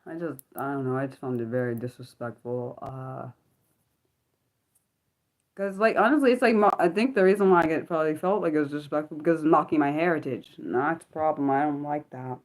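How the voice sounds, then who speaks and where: Woman, 30s, livestream host, rambling chatty delivery, slightly low pitch. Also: fairly quick. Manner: rambling, jumps between topics, loses her thread. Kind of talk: casual unscripted livestream chat.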